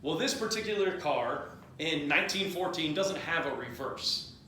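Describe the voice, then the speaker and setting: Speaking at a moderate pace in a high-leaning, expressive voice that sounds pushed and bright, this man rambles jokingly through a history tale at a party. He performs the quoted voices of the characters in a comedic, drunk-history fashion, recorded in a heavily echoing room with slight noise.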